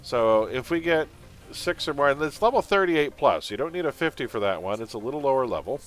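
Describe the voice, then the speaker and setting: A man's voice: medium pitch, very animated, brisk, soft background music. A man chatting casually on a live game stream, rambling and opinionated, often calling his viewers folks. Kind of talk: casual gaming stream chat.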